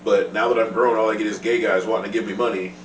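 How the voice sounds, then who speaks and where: A man's voice: fairly low pitch, fast talker. A man telling jokes in a casual chat, laughing often as he talks. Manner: joking, laughs often, lively. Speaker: comedian guest. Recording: echoey room, distant mic, noisy.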